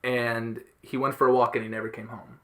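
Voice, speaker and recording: A young man casually recaps a comic book story for his podcast co-hosts. His voice is bright and forward, and his delivery rambles loosely with frequent fillers. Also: mid-range voice, little pitch movement, a little fast. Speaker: podcast host. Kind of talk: casual chat.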